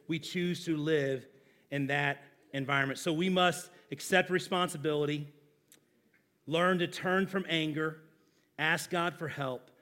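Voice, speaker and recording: High, bright-voiced pastor preaching. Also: male voice. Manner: swings between loud, high emphasis and quiet, low asides; addresses the congregation directly, prompting call and response. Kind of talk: sermon.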